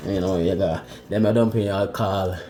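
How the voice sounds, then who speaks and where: A Jamaican man talks his way through cooking in a casual vlog, relaxed and chatty. His voice sits low and mellow, and his pace is unhurried. The kitchen sounds roomy, with a running tap and clinking dishes behind him. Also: a little hiss or hum. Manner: laid-back, chatty, laughs often. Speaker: home cook and channel host. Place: home kitchen. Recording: echoey kitchen with running water.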